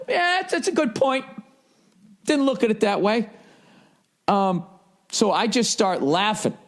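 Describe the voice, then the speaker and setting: Profane, rambling man telling a story. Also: high-pitched. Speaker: livestreamer. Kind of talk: casual storytelling.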